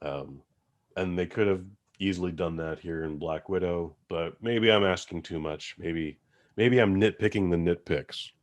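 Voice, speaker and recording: A young adult man hosts a casual movie podcast. He rambles in an animated way and swears freely. His voice sits on the low side. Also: a little slow. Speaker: podcast host. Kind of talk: casual movie-review chat.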